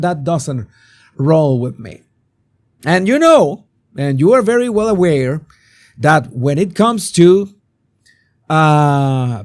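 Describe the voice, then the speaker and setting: A hoarse man, hosting a live-stream commentary and talking animatedly with rhetorical questions. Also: on the high side, darkish tone. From Venezuela. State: hoarse, sore throat. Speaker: host.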